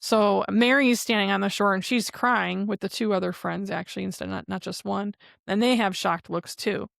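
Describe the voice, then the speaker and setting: Gravelly-voiced woman recapping a show. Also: mid-range voice, fairly even intonation, normal speed, dry recording, clean studio sound. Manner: chatty retelling with frequent "and then" links. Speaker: podcast co-host. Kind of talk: casual episode recap.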